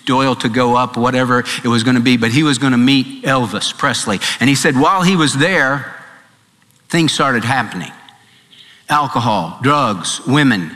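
Bright-voiced man preaching in a hall. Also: medium pitch. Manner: storytelling preacher, emphatic, varies pace. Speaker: pastor. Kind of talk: sermon. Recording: long hall reverb, faint music.

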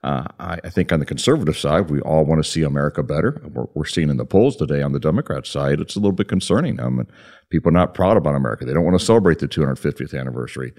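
A man co-hosting a radio talk show who hesitates, repeats words and trails off softly. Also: rumbling low, lively intonation, racing. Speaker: co-host.

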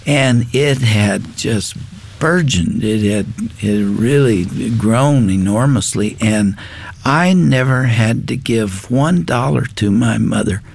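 A man's voice: mid-range voice, slow pace, gravelly. An older man, a guest on a Christian talk show, telling a personal testimony in an earnest, reflective way.

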